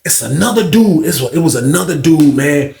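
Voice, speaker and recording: A man's voice: on the high side, expressive, moderate pace, creaky, darkish tone, roomy sound, a little hiss or hum. A man casually telling a story in a loose, rambling way full of slang.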